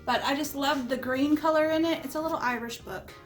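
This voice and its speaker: A woman's voice: high-pitched, brisk, faint music behind. A middle-aged woman hosting a casual home decor vlog from her living room. She is chatty and homey, with lots of small asides, and is a little under the weather with the odd cough. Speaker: home decor channel host. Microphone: camera set up nearby, moved around while she talks.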